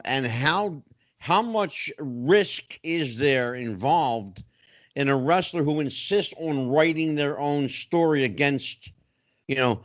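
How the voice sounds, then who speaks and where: A man co-hosting a podcast, asking the guest measured, deliberate questions. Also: medium pitch, no room sound, dull audio. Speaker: podcast co-host. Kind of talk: casual podcast interview.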